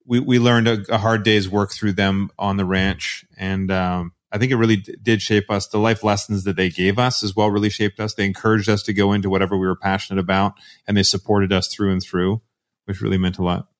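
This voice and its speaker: A man from Canada, a guest in a podcast interview, telling stories in a relaxed way with many fillers. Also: fairly low pitch, fairly quick. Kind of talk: casual interview chat.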